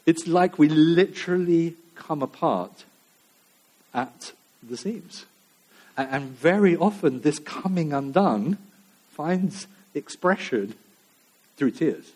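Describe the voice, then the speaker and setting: A male pastor delivering a sermon, swinging between loud emphatic lines and hushed near-whispers, often repeating phrases. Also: mid-range voice, expressive, a little slow.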